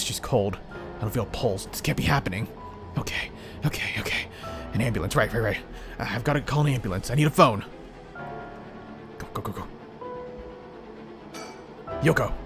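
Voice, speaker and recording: A man's voice: medium pitch, gravelly, natural voice. A man voicing a frightened young male protagonist as he reads game dialogue aloud, stammering through anxious self-talk. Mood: panicked.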